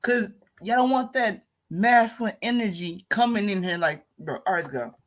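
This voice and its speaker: A man's voice: high-pitched, normal speed. Heated, profane man reacting to a video. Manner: heated, profane, slangy, repeats himself. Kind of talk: profane casual commentary.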